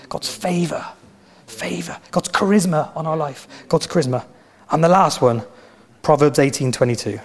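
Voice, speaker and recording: A pastor delivers a sermon in a slightly high, animated voice. He leans on repetition and lively storytelling to drive each point home. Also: moderate pace, gravelly.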